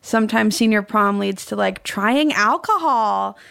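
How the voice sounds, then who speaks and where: A woman's voice: medium pitch, animated, unhurried, creaky, fairly bright tone, smooth, no room sound. A woman guest on a podcast, telling a personal story in a wry, self-amused way. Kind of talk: casual podcast chat.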